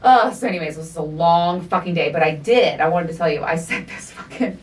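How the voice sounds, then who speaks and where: A woman's voice: lowish voice, fast talker, recorded from a distance. Middle-aged woman host, swears a lot, acts out what people said, sounds a bit off-mic. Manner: animated storytelling, profane, acts out quotes. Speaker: podcast host. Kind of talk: casual chat.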